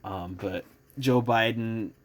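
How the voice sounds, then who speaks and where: Speaking slowly in a lowish voice, a man hosts his own podcast with a casual, rambling, opinionated monologue. It has a sarcastic edge and is packed with fillers.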